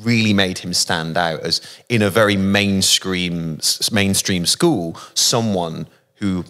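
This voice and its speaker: A man from England speaks as an interview guest, recalling stories in a thoughtful, unhurried way. His voice sits fairly low, and he pauses often to find his words. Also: bright, forceful tone. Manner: thoughtful, anecdotal, frequent pauses and fillers. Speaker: guest musician. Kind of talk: casual interview, reflective storytelling.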